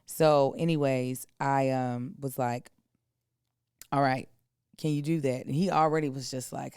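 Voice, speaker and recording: A woman in her thirties, co-hosting a podcast, telling a family story in a casual, animated way and acting out the other people's voices. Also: deep voice, moderate pace, smooth, no echo, studio quality. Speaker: podcast co-host.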